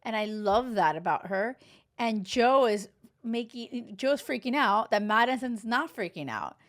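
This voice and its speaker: A woman's voice: fairly high pitch, lively intonation, unhurried, a bit bright. A woman in her thirties hosting a dating advice podcast, giving frank, casual commentary full of "like" and "you know". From Cuban heritage. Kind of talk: casual reality-show commentary.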